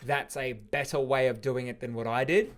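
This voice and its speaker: A man hosting a comedy podcast, teasing his guest with quick quips and filler-heavy explanations. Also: medium pitch, fairly even intonation. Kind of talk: casual comedic banter.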